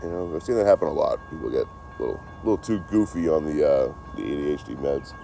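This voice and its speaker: Very deep, creaky, and mellow, the man's voice comes fast and animated as he livestreams into his phone beside a road. He's from Detroit, rambling casually and cursing heavily, with a faint hiss or hum in the recording.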